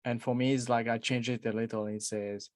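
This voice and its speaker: A man's voice: mid-range voice, little pitch movement, fairly quick, no room sound. Chatty man co-hosting a podcast, dry sound. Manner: chatty and playful, with loose phrasing. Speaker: podcast co-host, life coach. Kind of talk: casual podcast chat.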